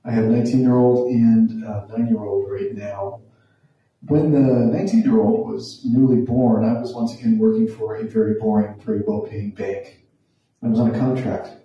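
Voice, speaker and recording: A man's voice: mid-range voice, lively intonation, normal speed, muffled recording. A man in his forties telling a wry, self-deprecating stand-up story in a conversational way on a small stage. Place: small theatre room. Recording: very echoey room, from a distance.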